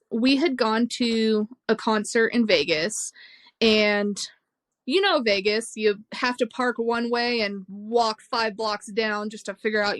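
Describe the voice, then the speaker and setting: A young woman appears as a podcast guest, recounting a personal story with raw frankness and emotion. She swears freely and laughs between the difficult parts, her fairly high voice recorded with no echo.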